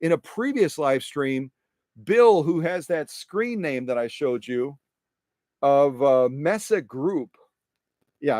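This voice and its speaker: This middle-aged man packs a machine in his workshop while chatting on a livestream about restoring sewing machines, repeating himself and joking about his own slips. His medium-pitched voice has a darkish tone, recorded at studio quality with no echo.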